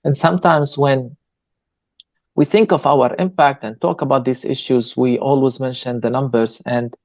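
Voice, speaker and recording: A man, a pastor, answering an interview question in a measured, earnest way, pausing with fillers. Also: medium pitch, fairly even intonation, a little mellow, no room sound, dull audio. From Palestine. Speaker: pastor and guest.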